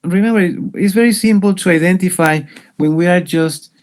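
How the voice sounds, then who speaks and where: A man's voice: high voice, brisk. A man teaching an English grammar lesson, explaining patiently with many fillers and restarts.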